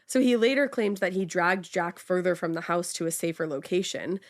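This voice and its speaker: A woman's voice: lowish voice, lively intonation, normal speed. A woman co-hosting a casual true-crime chat, telling the story with lots of fillers. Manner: chatty storytelling with many fillers. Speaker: podcast co-host telling the story.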